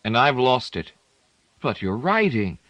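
A man's voice: mid-range voice, very animated, measured pace, fairly bright tone, dry recording, dull audio, voice pushed up. A man voicing an intense, tormented young male poet who speaks with raised, impassioned emotion. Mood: rueful. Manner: impassioned, rising to tearful.

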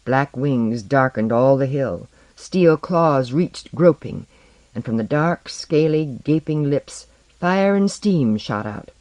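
Lively male storyteller. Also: medium pitch, slow, no room sound. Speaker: narrator. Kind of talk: audiobook reading of a fantasy story.

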